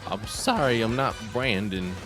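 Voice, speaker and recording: A man's voice: lowish voice, animated, measured pace, music in the background. A man commenting casually while streaming a game, chatty and reacting to chat. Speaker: gaming streamer.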